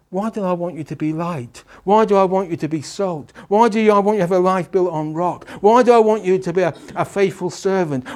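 A male pastor preaching a sermon, asking rhetorical questions and pausing for emphasis. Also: high-pitched, darkish tone.

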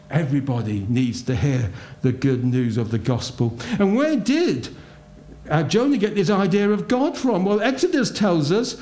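High-voiced preacher in an echoey hall. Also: male voice, expressive, moderate pace. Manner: emphatic, rhetorical questions, swings between loud and hushed. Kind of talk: sermon. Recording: roomy echo.

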